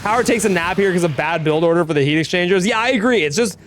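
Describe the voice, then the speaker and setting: A man's voice: sits high, quick pace, a bit bright, a little hiss or hum. A man streaming, chatting casually as he reacts to his own run, laid-back, swearing and laughing often. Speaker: game streamer.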